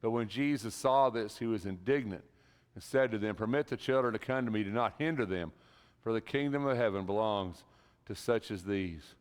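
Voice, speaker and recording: Low-voiced preacher, clear voice, echoing church. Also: male voice, normal speed. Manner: emphatic, rising to impassioned peaks. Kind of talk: sermon. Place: church sanctuary. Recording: reverberant church hall.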